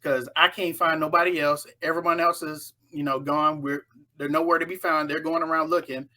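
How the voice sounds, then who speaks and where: Woman voicing scared young female counselor, urgent, pleading, pitched up, bright. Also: steady tone, fairly quick. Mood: uneasy.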